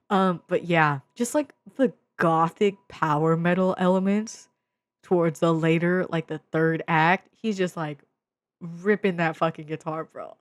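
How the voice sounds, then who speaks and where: A young woman from the Bay Area giving a casual media review into her own mic, excitable and slangy, swearing freely and full of fillers. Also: on the low side, a little slow, no room sound. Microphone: own desk mic.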